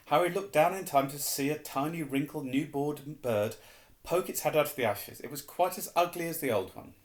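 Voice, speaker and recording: A man's voice: fairly high pitch, normal speed. Man reading a story aloud in a roomy room. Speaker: reader. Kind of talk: audiobook narration. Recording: roomy echo.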